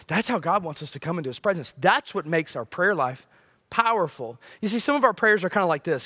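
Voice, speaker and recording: A male pastor preaching a sermon, swinging between loud high bursts and quiet low lines. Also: expressive, fairly quick.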